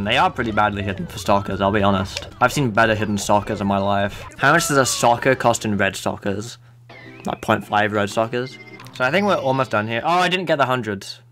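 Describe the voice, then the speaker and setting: A man's voice: lowish voice, brisk, a bit bright, faint music behind. A man streaming a video game, making casual commentary full of joking, self-mocking asides.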